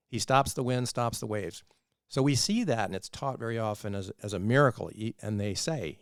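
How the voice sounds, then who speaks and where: A man hosting a faith-based podcast, telling stories in an animated, earnest, preaching manner. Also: medium pitch, normal speed, no echo, studio quality. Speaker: podcast host.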